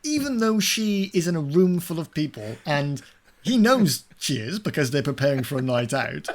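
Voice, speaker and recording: A man's voice: fairly high pitch, sing-song, moderate pace. Sarcastic man hosting a chat. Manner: sarcastic, swearing, laughing often. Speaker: podcast host. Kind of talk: casual film podcast chat.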